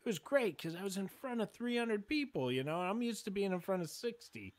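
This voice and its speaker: A man hosting a comedy podcast, chatting casually and telling his own excitable stories with some swearing. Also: high-pitched, fairly quick. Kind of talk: casual chat.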